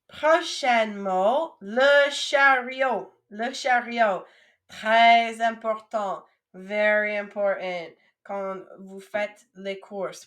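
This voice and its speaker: A young adult woman teaching a French vocabulary lesson, modelling each word slowly and coaxing her students to repeat after her. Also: mid-range voice, fairly bright tone. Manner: slow, drawn-out modelling of each French word, then quick English asides.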